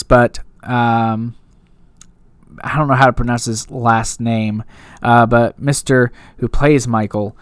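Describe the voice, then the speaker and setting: A man's voice: medium pitch, steady tone, slow pace, smooth, no room sound. A man giving a casual, rambling recap and review of a TV episode, full of fillers and asides.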